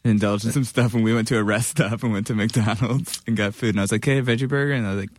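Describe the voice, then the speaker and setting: A band member telling a story casually, laughing and saying "like" often. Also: male voice, fairly low pitch, steady tone, quick pace, dry recording. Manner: laughing, rambling with many likes. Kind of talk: casual chat.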